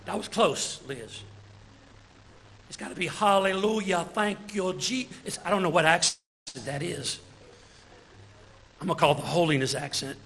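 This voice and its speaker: A deacon preaching a sermon in a church, lively, chuckling between his points and calling out praise. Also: on the high side, moderate pace, creaky, pauses often, a little hiss or hum, rough recording.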